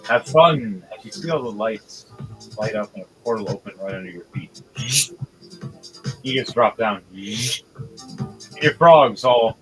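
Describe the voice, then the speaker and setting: A man narrating a tabletop game as game master, telling the story unhurriedly with filler pauses. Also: lowish voice, poor audio. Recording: loud background music.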